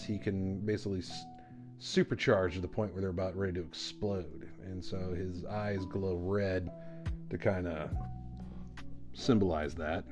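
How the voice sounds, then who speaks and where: A man streaming a live drawing session, talking through his work in a relaxed, rambling way with lots of fillers. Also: deep voice. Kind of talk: casual commentary while drawing.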